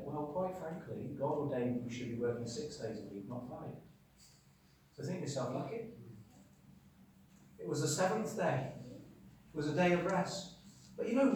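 Emphatic preacher in an echoey hall. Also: male voice, a little high, distant mic, a little hiss or hum. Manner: emphatic, rhetorical questions, swings from loud to quiet. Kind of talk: sermon. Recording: very echoey hall, speaker away from the mic.

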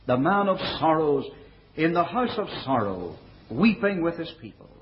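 A man preaching a sermon in a measured way, dropping his voice low and soft for quoted verses. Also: big pitch swings, a little hiss or hum. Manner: measured preaching, quoting scripture in older English. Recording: dull, lo-fi recording.

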